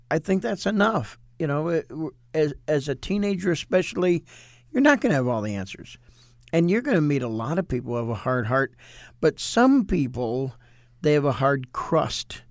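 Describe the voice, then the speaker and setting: A man who is a minister, talking in an animated, preachy way in a casual ministry discussion and quoting scripture with emphasis. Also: a little high, no room sound, studio quality.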